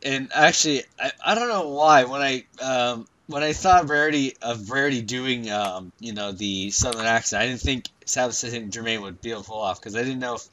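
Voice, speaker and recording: A man's voice: medium pitch, fairly quick, few pauses, bright, forceful tone, a little hiss or hum. A man co-hosting a casual podcast, joking around and laughing often. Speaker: podcast co-host. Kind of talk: casual chat.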